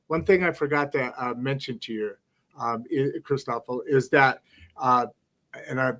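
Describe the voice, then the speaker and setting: A man's voice: mid-range voice, a bit bright. Rambling, enthusiastic male talk show host. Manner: rambling, enthusiastic, talks with many restarts and asides. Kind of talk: casual live interview chat.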